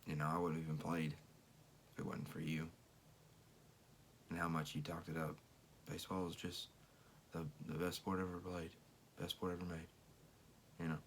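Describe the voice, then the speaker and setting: Very deep, gravelly young man. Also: completely flat delivery, normal speed, long pauses, a little hiss or hum. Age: young adult. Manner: reflective, searching for words. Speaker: senior athlete thanking his father. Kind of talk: emotional tribute speech.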